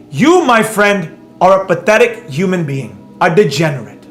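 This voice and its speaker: A man's voice: sits high, big pitch swings, normal speed, few pauses, fairly bright tone, echoey room. A man teaching a live trading class in a brash, mocking, rambling way, with faint music behind. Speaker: trading instructor.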